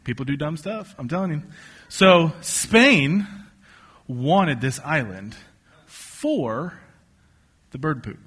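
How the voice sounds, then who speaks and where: A man preaching a casual, joking sermon to a congregation, telling stories with lively asides. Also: fairly high pitch, takes it slowly, pauses often, slightly rough. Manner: conversational, joking, animated storytelling. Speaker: pastor. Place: church stage before a congregation.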